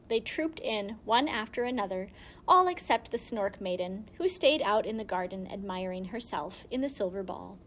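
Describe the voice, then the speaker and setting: A woman reading a children's storybook aloud, giving the characters light voices of their own. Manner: lively, voices each character with small pitch lifts. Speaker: reader.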